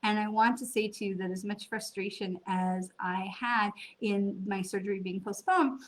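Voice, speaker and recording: A woman's voice: medium pitch, steady tone, normal speed. A middle-aged woman from the United States, a psychic medium chatting casually to viewers with many fillers and quoted asides. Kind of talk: casual spiritual talk to viewers.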